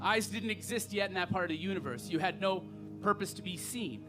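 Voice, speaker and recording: A man performing spoken word poetry live on a festival stage, with rhythmic delivery and pointed pauses, into a stage microphone. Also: high-pitched, music in the background.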